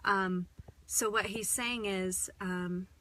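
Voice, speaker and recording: Bright-voiced woman channeling casually. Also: mid-range voice, fairly even intonation, takes it slowly, slight background noise, low-quality recording. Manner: rambling, swears freely, relays a guide's words. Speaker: spiritual channeler.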